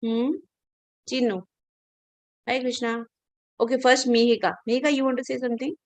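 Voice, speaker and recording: A woman's voice: a little high, little pitch movement, normal speed, a little mellow, dry recording. Patient woman teaching kids online. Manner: patient, coaxing, many fillers. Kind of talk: online class storytelling for children. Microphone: video call.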